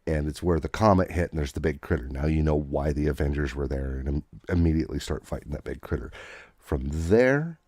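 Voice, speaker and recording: Super low-voiced guy rambling thru a comic recap, dark mellow tone, dry close sound. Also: expressive, a little fast, no echo. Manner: rambling, with many fillers and restarts. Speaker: podcast host. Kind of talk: casual chat recapping comics.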